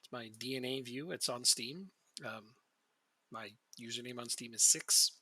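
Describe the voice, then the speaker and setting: A man's voice: mid-range voice, moderate pace, sharp tone, husky, no echo. A man streaming a game, chatting casually with a co-player, teasing and laughing often. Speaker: gaming streamer. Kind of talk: casual gaming stream chat.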